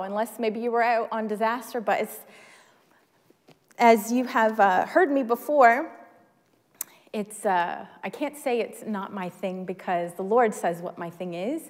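A woman pastor delivers her sermon in an unhurried, high voice, with a joking, self-deprecating warmth toward the congregation. Her words ring out with long reverb through a church sanctuary. She breaks off to lead everyone in a simple chorus. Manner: chatty and self-deprecating, leads congregation in song.

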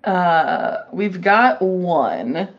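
A woman co-hosts a loose, casual podcast, talking slowly and hesitantly. Her pitch sits a little low but swings widely, and she breaks into laughter often. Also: sing-song, gravelly, highs cut off. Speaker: podcast co-host.

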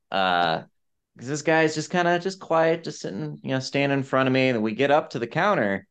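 A man hosting a podcast, telling stories in a casual, lively way and slipping into quick accent impressions. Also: mid-range voice, clear, resonant tone. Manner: animated storyteller who mimics accents. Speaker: podcast host. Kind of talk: casual chat, storytelling.

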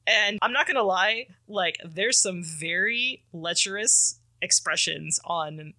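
A woman's voice: on the low side, slow, sharp tone. A woman co-hosting a podcast, casually recapping a comic story in a rambling way and acting out the characters' lines. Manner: rambling, filler-heavy, acts out characters' lines. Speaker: podcast co-host.

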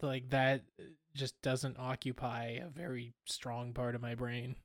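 A man's voice: medium pitch, level tone, unhurried, dry recording, clean studio sound. A man co-hosting a podcast, chatting casually with stammered restarts and lots of filler words. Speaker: podcast co-host. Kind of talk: casual chat.

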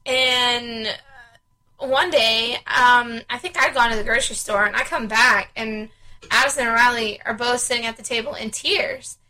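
A woman's voice: fairly high pitch, normal speed, rough recording. A woman co-hosting a casual parenting chat, animatedly telling stories about her kids. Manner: animated storyteller, acts out her kids' voices. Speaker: podcast co-host.

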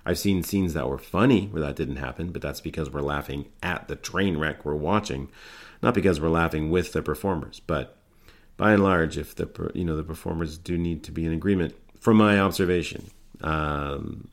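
A middle-aged man with a very low voice talks through an improv lesson. He speaks informally, rambling and restarting his sentences with plenty of fillers. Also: normal speed. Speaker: improv teacher.

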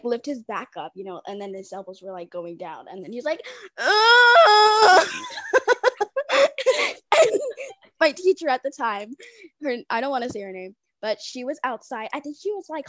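A woman's voice: a little high, no echo. A young woman telling rambling school stories in casual chat, often breaking into giggles. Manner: giggly, rambling, many fillers.

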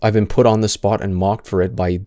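A young man streaming his commentary, stumbling and repeating words as he stutters through heated points. His voice sits low with a dark, mellow tone. The sound is dry and close. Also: steady tone, brisk, no room sound.

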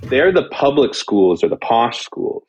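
Husky lively man from Canada chatting. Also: medium pitch, a little slow, rough recording. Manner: animated, laughing, slips into mock accents. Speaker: podcast host. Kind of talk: casual chat.

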